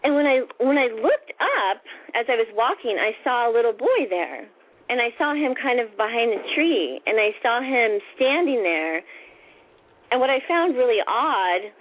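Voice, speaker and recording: A woman calls into a radio show and tells her story with a lively, swooping voice. She sits a little high for a woman and sounds thin and narrow over the phone line. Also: moderate pace. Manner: animated, acts out quoted voices in a higher pitch. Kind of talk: casual storytelling. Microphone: phone call.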